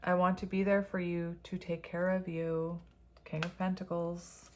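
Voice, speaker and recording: A woman's voice: on the low side, level tone, unhurried, slight background noise. A woman reading tarot cards to her viewers in a casual, chatty way, often laughing as she reads the card messages aloud. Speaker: tarot reader.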